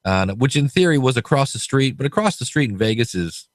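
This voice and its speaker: A man hosts a podcast in a relaxed, chatty way. His voice sits in a middle pitch. The sound is dry and close, with almost no room echo. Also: a little fast. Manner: chatty storyteller, acts out quoted voices. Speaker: podcast host. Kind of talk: casual podcast chat.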